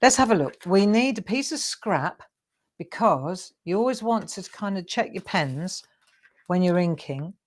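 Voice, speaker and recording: A woman's voice: fairly low pitch, expressive, a little slow, a little hiss or hum. A middle-aged woman hosting a live craft show, chatty, encouraging and self-deprecating as she demonstrates.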